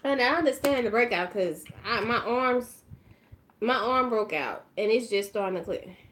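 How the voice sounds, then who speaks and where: A woman chatting casually while doing her makeup, emotional and effusive, now and then dropping to a quiet murmur as she concentrates. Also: on the high side, normal speed, slight background noise. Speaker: beauty vlogger.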